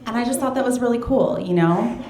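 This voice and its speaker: A woman's voice: a little high, fairly quick, crowd noise. A woman doing a stand-up comedy set in a chatty, offhand way, full of hesitations, with a dry delivery. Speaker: stand-up comic. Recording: echoey room with live audience.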